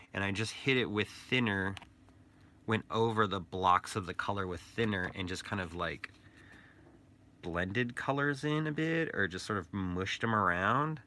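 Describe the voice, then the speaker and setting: A man's voice: lowish voice, pushed and bright, a little hiss or hum. A man chatting casually and playfully in a vlog about painting and making toys. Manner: rambling, playful, joking aside. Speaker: toy artist and painter.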